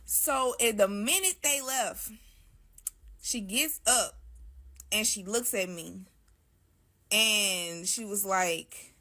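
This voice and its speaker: A woman's voice: mid-range voice, slow pace, long pauses, bright, forceful tone. A woman as a guest, casually telling her own story in loose, slangy speech and often addressing listeners as "y'all".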